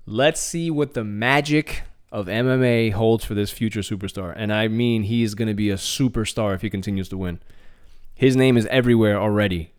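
A man hosting a podcast, chatting casually and excitedly about MMA news, often repeating words and restarting his phrases. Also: on the low side, clean tone. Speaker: podcast host.

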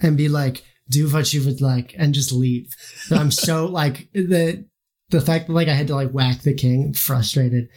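A man playing in a tabletop game, chatty and quick to laugh. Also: on the high side, darkish tone. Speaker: player. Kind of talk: casual tabletop game chat.

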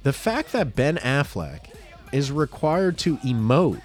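A man's voice: medium pitch, sing-song, slow pace, soft background music. A man co-hosting a podcast, running a quiz game and reading reviews aloud in casual, jokey banter.

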